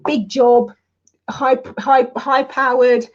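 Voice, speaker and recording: Lively woman coach, muffled audio. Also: high-pitched, slow pace. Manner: lively, candid, anecdotal. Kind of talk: webinar storytelling.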